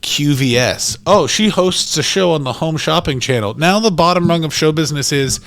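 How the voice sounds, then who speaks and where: A man's voice: on the high side, moderate pace. A male comedian co-hosting a podcast, telling stories in casual chat and acting out the quotes. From Canada. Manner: animated storyteller who acts out quotes.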